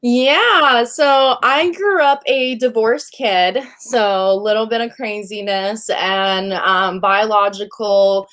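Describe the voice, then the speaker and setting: A woman's voice: mid-range voice, steady tone, takes it slowly, hardly any pauses, a bit bright. A woman from Hawaii, a guest on a video-call chat show, talking casually, bubbly, laughing often and saying "like" a lot. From Hawaii, USA. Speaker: podcast guest. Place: home, lives in LA.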